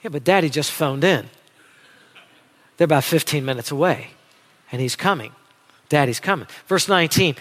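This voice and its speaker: A man preaching a sermon in an animated, dramatic way, moving between loud and soft delivery. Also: on the high side, fairly quick, long reverb tail. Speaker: pastor.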